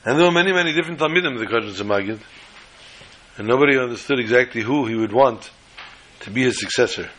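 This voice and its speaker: A man telling religious stories in an animated, dramatic way, repeating phrases for effect. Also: mid-range voice, quick pace, rough recording. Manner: animated, dramatic storytelling with repetition. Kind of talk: storytelling lesson.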